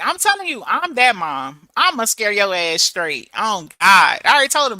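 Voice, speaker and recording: Bright-sounding woman in her 30s just chatting w her viewers, telling stories, super dry close sound. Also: medium pitch, moderate pace, dry recording. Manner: chatty, storytelling, animated with laughs and quoted voices. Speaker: channel host. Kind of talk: casual chat to viewers. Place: abroad in Germany.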